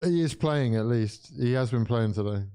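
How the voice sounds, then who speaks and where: A young English man streaming a football watch-along, swearing freely and swinging between weary groans and loud outbursts of disbelief. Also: medium pitch, normal speed, smooth. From England. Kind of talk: live football reaction commentary.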